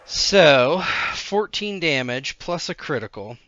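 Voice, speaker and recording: A man running a tabletop game as game master, guiding the players in a relaxed way. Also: a little high, slow pace, no echo, highs cut off.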